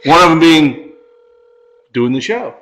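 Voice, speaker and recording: A man's voice: on the high side, animated, measured pace, a bit bright, poor audio. A man hosting a podcast in a casual chat, asking his co-hosts questions and chuckling along. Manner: chatty, prompts others with questions, chuckles often. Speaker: podcast host.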